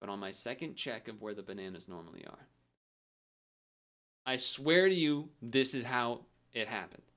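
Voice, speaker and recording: A man in casual gameplay commentary, voice at an ordinary middle pitch. He rambles loosely and chuckles between thoughts, easygoing and offhand. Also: moderate pace, a bit bright. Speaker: game streamer.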